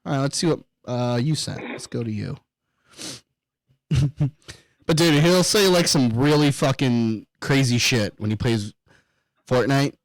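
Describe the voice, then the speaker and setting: A man hosting a podcast in casual chat, excitable, laughing often and swearing a lot. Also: mid-range voice, unhurried, long pauses, dry recording, poor audio. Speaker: podcast host.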